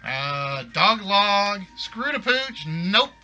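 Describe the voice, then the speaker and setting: A man's voice: sits high, big pitch swings, drawn-out words, sharp tone, faint music behind. A man hosting a live game stream, chatting casually and rambling, correcting himself as he goes. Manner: rambling, self-correcting, apologetic. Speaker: game show stream host.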